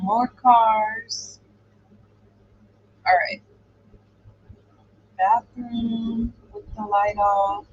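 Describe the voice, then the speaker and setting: A woman's voice: a little high, little pitch movement, extremely slow, long pauses, slightly rough. A woman hosting a live true crime stream, thinking aloud as she reacts and trails off in hesitant musing. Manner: coos softly to her dog. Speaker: true crime livestream host. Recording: dull lo-fi stream audio.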